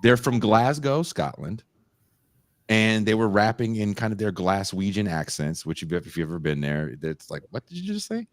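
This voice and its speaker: A male podcast host telling a long story in a loose, profane, animated way. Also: on the low side, normal speed, no room sound, clean studio sound. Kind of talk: casual storytelling chat.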